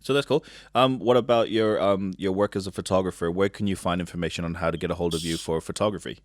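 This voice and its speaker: A young man hosting a podcast in a relaxed, joking way, with lots of fillers and restarts. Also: low-pitched, quick pace, dry recording. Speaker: podcast host. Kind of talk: casual chat.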